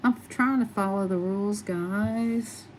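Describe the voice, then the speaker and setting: A woman's voice: medium pitch, measured pace, slight background noise, poor audio. A middle-aged woman chatting casually and rambling as she colors, laughing often. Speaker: coloring channel host. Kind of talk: casual chat while coloring.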